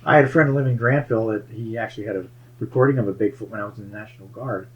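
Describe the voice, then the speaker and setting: A paranormal investigator who's a regular on the show muses in a casual, wandering, conspiratorial way about hidden bases and strange sightings. His voice is on the low side and rapid-fire, with dull audio and a crowd in the background.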